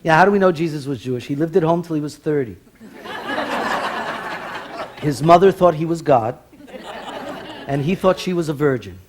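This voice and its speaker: A man's voice: a little high, normal speed, long pauses, a crowd in the background, background noise. A man performing live stage comedy in a TV studio, telling jokes with careful punchline timing.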